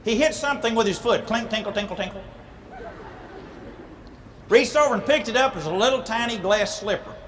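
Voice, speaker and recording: A man's voice: extremely high pitch, expressive, fast, hardly any pauses, big-room sound, slight background noise. A man telling a comic fairy tale in a folksy, playful way, adding vocal sound effects. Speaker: speaker at church ladies' night. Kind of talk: comic storytelling.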